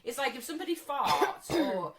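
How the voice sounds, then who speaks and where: A woman's voice: high-pitched, big pitch swings, normal speed, heavy background noise. A woman, co-hosting a casual podcast, telling a story that keeps breaking into laughter. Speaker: podcast co-host.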